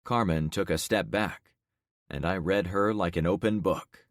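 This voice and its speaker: A man narrating a first-person audiobook with lively, dramatic storytelling. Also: sits low, measured pace, no echo, studio quality.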